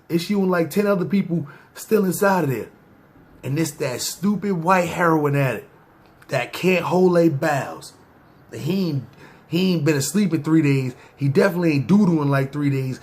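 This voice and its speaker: A man hosting a podcast, telling stories in loose casual slang and talking straight to his listeners. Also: a little high. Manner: loose slang-heavy talk, often addressing listeners as "y'all"; acts out scenes in asides and mock voices. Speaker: podcast host. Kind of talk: casual street storytelling to viewers.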